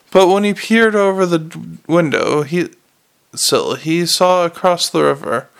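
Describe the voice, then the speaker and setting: A man's voice: a little high, creaky, a bit bright, clear, resonant tone. A man narrating a novel aloud in a plain, unpolished reading with frequent restarts. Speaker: audiobook reader.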